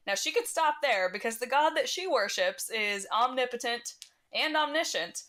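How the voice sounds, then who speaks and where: Woman podcast co-host, slightly high voice, animated, swears freely, casual chat. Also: normal speed. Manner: animated, profane storytelling.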